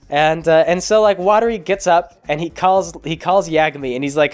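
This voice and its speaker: A man recapping a movie in a loose, sarcastic ramble, leaning on fillers and restarts. His speaking voice sits fairly high for a man, and faint music plays in the background. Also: normal speed, hardly any pauses. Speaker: video blogger.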